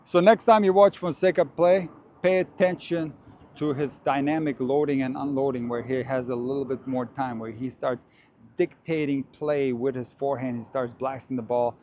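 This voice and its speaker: A man's voice: mid-range voice, fairly even intonation, normal speed, mellow, slight background noise. A man coaching tennis, explaining stroke technique in an enthusiastic, instructional way.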